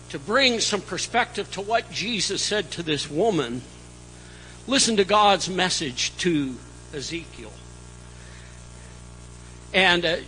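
A man delivers a church sermon in a high, bright voice. He takes his time and leans hard on key words. His volume rises and falls dramatically as he preaches. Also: slight background noise, low-quality recording. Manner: slow, emphatic preaching with dramatic swings in loudness. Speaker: pastor.

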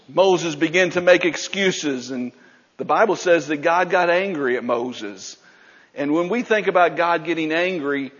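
Preacher man echoing in a large hall. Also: a little high. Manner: animated preaching, acts out biblical voices. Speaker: pastor. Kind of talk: sermon. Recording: dull sound with long hall reverb.

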